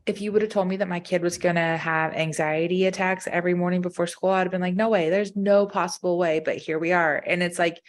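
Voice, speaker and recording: A woman's voice: on the low side, steady tone, fast, hardly any pauses. A woman co-hosting a casual podcast chat, speaking earnestly and frankly. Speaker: podcast co-host.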